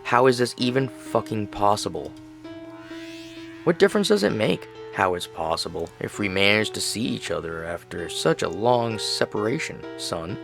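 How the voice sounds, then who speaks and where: A man voicing a gentle middle-aged mother back from the grave, soft, doting and eerily calm, in a horror game. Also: lowish voice, moderate pace, gravelly, over music.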